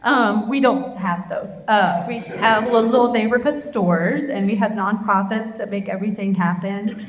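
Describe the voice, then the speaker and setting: A woman organizing a festival, giving a halting live stage speech full of ums in a large theater. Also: medium pitch, a crowd in the background. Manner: halting, many ums, gets emotional. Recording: echoey theater hall.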